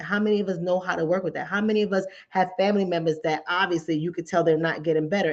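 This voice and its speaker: A woman's voice: lowish voice, darkish tone. A woman hosting a mental health talk show, speaking in an emphatic, informal way and repeating phrases to drive her points home. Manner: informal speech, acts out callers and her own replies. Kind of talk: conversational commentary. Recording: dull lo-fi recording.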